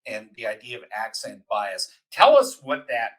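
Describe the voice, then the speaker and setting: An older man hosting an interview, chatty and quick to laugh. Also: mid-range voice, huge pitch swings, a bit bright, low-quality recording. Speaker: podcast host. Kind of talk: interview conversation.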